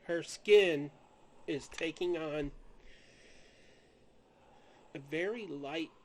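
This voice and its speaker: A man narrating as game master of a tabletop game over a video call, describing things slowly with restarts. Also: on the high side, a little mellow. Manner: slow, halting descriptions with restarts. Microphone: home microphone on a video call.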